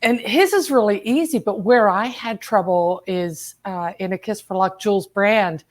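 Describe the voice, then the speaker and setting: A woman from Scotland speaks on a video-call panel at an ordinary pitch. She is chatty and explains things with asides and quick check-ins. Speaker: author on a panel. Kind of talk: casual panel chat.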